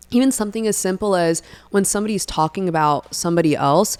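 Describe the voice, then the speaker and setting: A young woman talking casually about her faith on a podcast, lively and storytelling, often acting out what her friends said. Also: mid-range voice, a little fast, clean tone. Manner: animated storyteller who acts out friends' lines. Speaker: podcast co-host.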